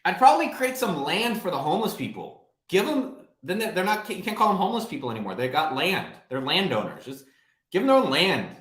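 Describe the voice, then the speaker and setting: A man's voice: high voice, sing-song, brisk, fairly bright tone. A man hosting a casual live Q&A stream, talking in a blunt, profane, rambling way. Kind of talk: casual livestream Q&A. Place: home office, livestreaming. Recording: roomy echo.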